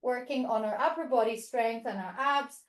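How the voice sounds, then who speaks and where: In an instructional yoga session, a woman leads teachers through poses with encouraging cues and fun animal sounds aimed at children. Her voice sits on the high side at a moderate pace, and the rough recording is reverberant.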